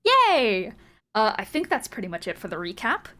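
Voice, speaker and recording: A woman's voice: on the high side, huge pitch swings, moderate pace, bright, forceful tone. A woman running a tabletop game as game master, moving from a casual, giggly recap full of swearing into descriptive narration.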